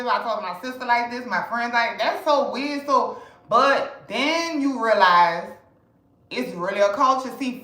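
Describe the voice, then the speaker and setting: A woman's voice: mid-range voice, a bit bright, echoey room, rough recording. A woman from New Orleans with a New Orleans accent, chatting bluntly and with lots of swearing on a livestream. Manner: blunt, profane, talkative. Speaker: live streamer selling to customers. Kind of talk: casual livestream chat.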